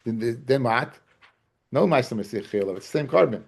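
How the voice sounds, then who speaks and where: Gravelly, husky-voiced male Talmud teacher. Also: mid-range voice, expressive, brisk. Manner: keeps checking his class understands, calls them guys and fellas; repeats key phrases and restarts to drive points home. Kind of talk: Talmud study lecture.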